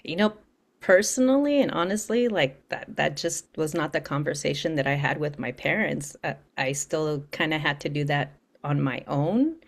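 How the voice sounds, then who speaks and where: A middle-aged woman, an interview guest from Central California, speaking reflectively with frequent restarts and soft laughs. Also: low voice, lively intonation, moderate pace, gravelly. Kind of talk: interview conversation.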